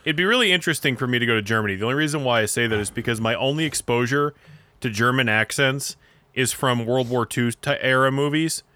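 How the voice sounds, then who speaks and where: A man's voice: medium pitch, fast talker, sharp tone, a little hiss or hum. A man co-hosting a podcast, chatting casually and making wry, joking asides. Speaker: podcast co-host. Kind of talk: casual chat.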